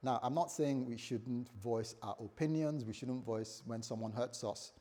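Male pastor, husky tone, animated sermon delivery with hushed lows and loud peaks, speaks his own inner voice aloud. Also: normal speed. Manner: animated preaching, jumps from quiet low lines to loud high bursts; acts out his own inner voice in quoted asides. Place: church service before a congregation.

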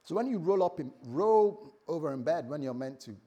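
A man preaching a sermon as pastor, animated, swinging between loud bursts and quiet asides, often acting out the voices of others. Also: on the high side, moderate pace.

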